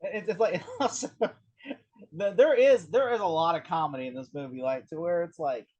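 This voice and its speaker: A man in a casual film discussion, retelling behind-the-scenes stories in a rambling, animated way with lots of fillers. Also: on the high side, moderate pace, muffled recording. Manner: rambling, animated anecdote-telling with many fillers. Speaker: film review co-host.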